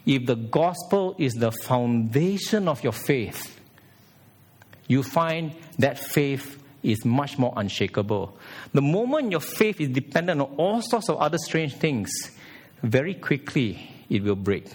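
A man preaching a sermon as pastor in a church, animated, with pitch shifting for emphasis and acted quotes. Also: measured pace, husky.

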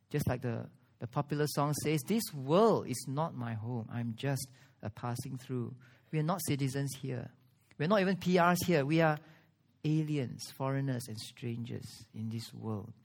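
A man preaching a sermon, earnest, with strong pauses and rising emphasis. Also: medium pitch. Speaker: pastor.

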